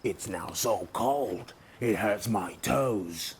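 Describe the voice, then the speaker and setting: A man voicing a big, grumpy and boastful male bear in a storybook, speaking slowly and rudely. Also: fairly low pitch, lively intonation, creaky, a little hiss or hum, exaggerated voice. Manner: slow, moaning and rude.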